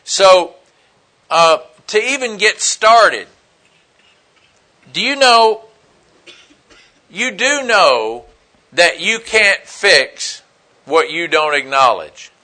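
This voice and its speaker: A man's voice: high-pitched, animated, very slow, long pauses, pushed and bright. A man preaching a conversational sermon in a casual, plain-spoken way, with frequent "you know" fillers.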